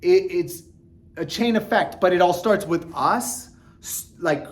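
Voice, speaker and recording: A man talking earnestly to his viewers in a casual motivational vlog, animated and full of restarts and fillers. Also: sits high, unhurried. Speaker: vlogger. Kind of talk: casual motivational talk to camera.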